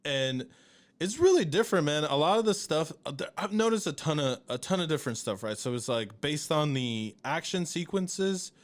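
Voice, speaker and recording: A man hosts a casual podcast chat, rambling and hesitating with lots of fillers and restarts, and he swears casually. His voice is fairly high with lively intonation at a moderate pace.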